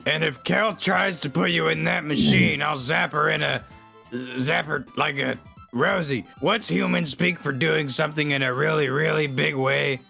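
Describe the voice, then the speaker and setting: Casting: goofy, earnest boyish creature read by a man, gravelly fry in the voice, slightly raised pitch. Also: normal speed, pushed and bright, soft background music, exaggerated voice. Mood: reassuring. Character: cheerful boyish male electric creature. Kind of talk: casual comic read-aloud.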